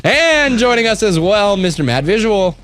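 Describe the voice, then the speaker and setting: A man hosting a casual gaming show, chatty and animated, with quick asides. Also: high-pitched. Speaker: stand-in host.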